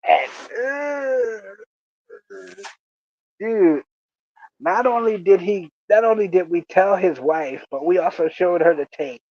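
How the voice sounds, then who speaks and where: Brief: animated male storyteller, high voice, dry muffled recording. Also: takes it slowly, pauses often, dry recording. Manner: animated, laughing often. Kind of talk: casual storytelling.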